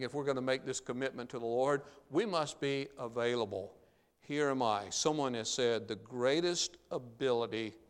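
A man's voice: medium pitch, smooth. A man preaching a sermon in an earnest, emphatic way, his voice rising when he quotes Scripture. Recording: long reverb of a large hall.

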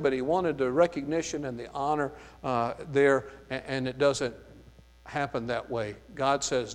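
Southern guy reading scripture then explaining it, lots of "uh, there", long hall reverb. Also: mid-range voice. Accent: light Southern US. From American South. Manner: reads scripture aloud, then explains it with frequent "uh, there" fillers. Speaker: Bible teacher. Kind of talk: Bible study sermon.

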